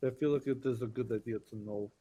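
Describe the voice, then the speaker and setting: Mellow, cautious male tabletop player. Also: medium pitch, fast talker, husky, muffled recording. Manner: cautious, hesitant, many fillers. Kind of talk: casual chat at a game table.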